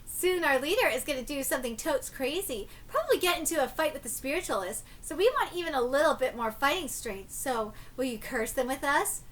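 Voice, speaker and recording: A woman reading aloud and voicing a sly teenage girl ghost who mixes bubbly slang with quiet threats. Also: sits high, lively intonation, fairly quick, few pauses, voice pushed down. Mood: scheming.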